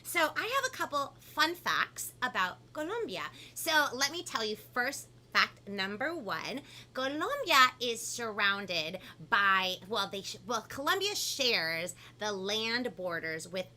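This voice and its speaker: A woman hosting a children's live stream, talking in a bubbly, animated way and reading out viewer comments. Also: a little high, slow pace. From family from Peru. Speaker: host of a live kids' show. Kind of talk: upbeat live-stream chat.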